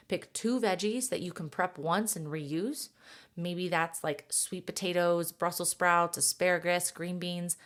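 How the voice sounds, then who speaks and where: A woman in her thirties talks to fellow moms in a relaxed coaching monologue, with a voice that sits on the low side. She is chatty and encouraging, and she laughs at herself easily. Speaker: podcast host and mom coach.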